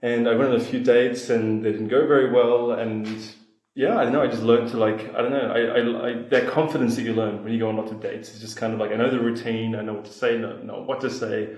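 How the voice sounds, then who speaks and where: A man, a podcast guest telling a dating story in a relaxed, self-deprecating way, laughing along. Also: mid-range voice, fast talker, reverberant, lo-fi sound. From Australia. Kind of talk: casual storytelling chat.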